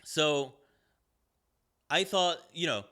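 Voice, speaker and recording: A man with a bright, forceful voice rants through a podcast movie review. He's sarcastic and swears freely, and he rambles with plenty of "like" and "um" as he goes. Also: on the high side, drawn-out words. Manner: sarcastic, profane, rambling with many fillers. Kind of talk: ranting casual review.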